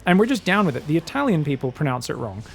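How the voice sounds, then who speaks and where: Chatty Australian man with a gravelly voice. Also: a little high, very animated, fast, slight background noise. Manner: chatty, rambling, joking asides. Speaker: esports caster. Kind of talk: casual live commentary.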